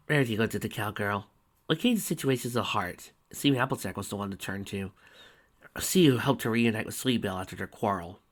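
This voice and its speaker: A man reading fan fiction aloud, expressive and breaking off to rant about the story. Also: on the low side, fairly quick.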